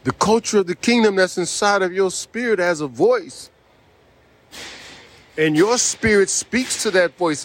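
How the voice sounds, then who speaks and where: A man delivering a sermon in an emphatic, repetitive preaching manner. His voice sits a little higher than most men's, and he keeps tossing in "see" as he drives his points home.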